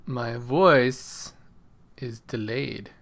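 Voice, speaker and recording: A man's voice: medium pitch, extremely slow, vocal fry, fairly bright tone, slight background noise. A man hosting a casual fantasy football livestream from home late at night, playfully chatting to a baby between remarks. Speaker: fantasy football stream host.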